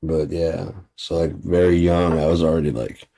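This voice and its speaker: A man's voice: low voice, little pitch movement, normal speed, creaky, dark tone. A man vlogging in a rambling, profane, casual monologue, laughing often at his own stories.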